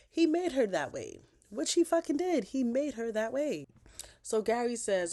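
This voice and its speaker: A woman casually recapping a TV episode, talking in an animated, slangy, profane way. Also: on the high side, normal speed. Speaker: TV show recapper.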